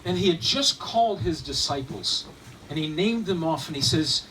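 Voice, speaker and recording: Man, first-person eyewitness storytelling, halting, bright voice, faint ambience. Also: fairly high pitch, lively intonation, slight background noise. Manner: halting, with restarts and repeated words. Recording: distant mic, faint room ambience.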